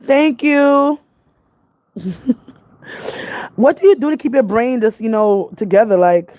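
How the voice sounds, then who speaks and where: A woman's voice: on the high side, animated, unhurried, mellow. A young woman with a New York accent, chatting casually and rambling on a livestream, laughing often. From Jamaican family. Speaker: vlogger.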